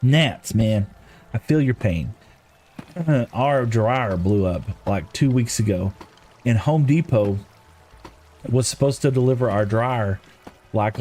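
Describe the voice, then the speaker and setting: A man's voice: mid-range voice, darkish tone. A middle-aged man chatting casually on a game stream, telling rambling stories with chuckles. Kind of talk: casual live-stream chat while gaming.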